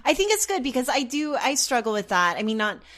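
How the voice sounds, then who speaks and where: A woman's voice: a little high, big pitch swings, fairly quick, fairly bright tone. A woman in her thirties co-hosting a podcast, talking candidly and thoughtfully in casual chat. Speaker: podcast co-host.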